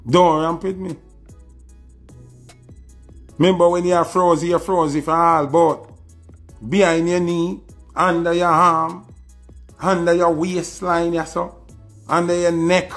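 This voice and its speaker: A man's voice: on the high side, little pitch movement, unhurried, pauses often, fairly bright tone, soft background music. A man with a Jamaican accent delivering a scornful, taunting diss rant, repeating his insults. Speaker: social media personality. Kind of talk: ranting diss video.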